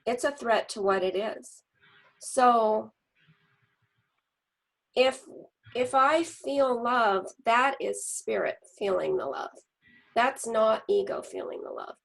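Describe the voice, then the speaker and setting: A middle-aged woman telling a personal story in a group discussion, earnest and animated, with restarts. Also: a little high, slow, gravelly, pauses often, poor audio.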